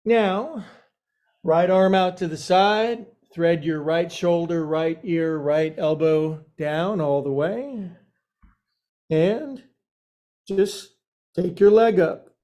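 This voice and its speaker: A man guides a yoga class, cracking jokes between his cues. He talks slowly, in a fairly high voice with a soft, mellow tone. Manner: joking, playful cues. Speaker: yoga teacher. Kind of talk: guiding a live yoga class.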